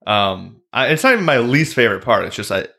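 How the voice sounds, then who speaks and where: A young man with a bright, forward voice and a middle pitch, chatting casually as a podcast co-host. He laughs easily and talks fondly and loosely about an old movie. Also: very animated, quick pace, vocal fry. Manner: laughs often, fond of the film.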